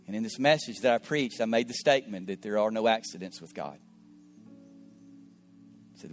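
A middle-aged male pastor tells a story in an earnest sermon voice. He repeats words as he searches for them and sometimes drops to quiet asides. Soft guitar plays faintly behind him. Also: lowish voice, animated, moderate pace, pauses often. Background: faint guitar music.

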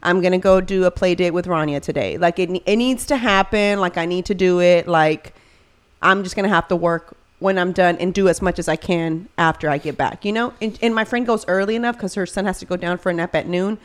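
A woman in casual chat, an animated storyteller who leans on fillers, talking about her baby daughter. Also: fairly low pitch, brisk, clean tone. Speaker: podcast co-host.

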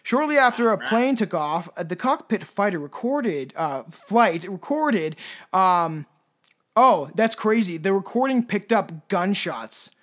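Podcast host, male, higher voice, rambling and swears a lot. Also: very animated, a little slow, a bit bright. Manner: rambling, profane, frequent restarts. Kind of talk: casual podcast chat.

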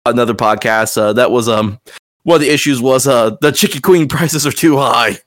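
A man with a Southern US drawl chats casually as a podcast host. He rambles, circles back and restarts often, filling gaps with ums. His voice sits at an ordinary middle pitch. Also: normal speed, a bit bright. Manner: rambling, many fillers and restarts. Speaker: podcast host and game master.

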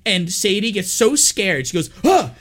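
A man co-hosting a horror podcast, recapping a movie in casual chat, animated and swearing a lot as he acts out the characters. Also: on the high side, normal speed. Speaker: podcast co-host.

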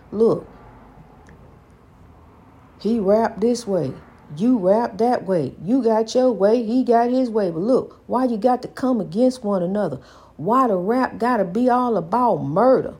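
A woman's voice: medium pitch, warm tone, breathy edge. A middle-aged woman giving an emphatic, preachy inspirational monologue, often calling the listener honey. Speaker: speaker giving life advice.

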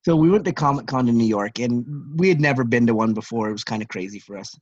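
Man, middle-aged, podcast co-host, animated storytelling, fillers, dry dull lo-fi mic. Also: medium pitch, quick pace, no echo. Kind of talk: casual podcast chat.

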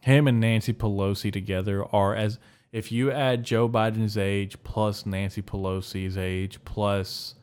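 Smooth low-voiced man hosting solo. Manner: crude, rambling, deadpan dark jokes. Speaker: podcast host. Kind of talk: solo comedic podcast monologue.

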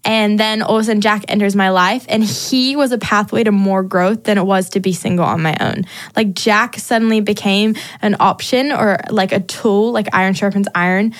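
Podcast guest, woman, bubbly talker, even everyday pitch, quick and excitable. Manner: bubbly and talkative, many likes. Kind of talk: casual chat.

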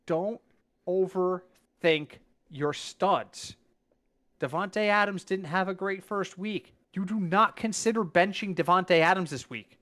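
Sitting high in pitch, this man's voice is a little slow. He co-hosts a podcast, chatting casually with emphasis and liveliness, and his words stumble and restart as he recalls events.

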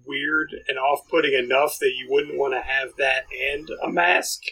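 A man's voice: mid-range voice, steady tone, moderate pace, vocal fry, bright, forceful tone, slightly rough, rough recording. Dry-witted male podcast co-host. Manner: dry, joking, stammers on restarts. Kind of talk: casual chat.

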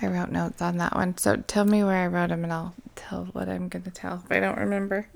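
A woman's voice: fairly low pitch, level tone, fairly quick, vocal fry. A woman co-hosting a casual podcast, giggling, swearing and trailing off mid-thought. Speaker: podcast co-host.

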